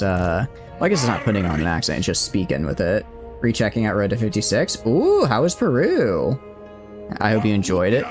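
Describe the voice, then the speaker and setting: A young man with a Southeastern US Southern accent talks casually on a stream while playing a strategy game. His voice sits a bit low, and he rambles, backs up and corrects himself as he answers chat. Faint game music plays underneath. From Southeastern United States.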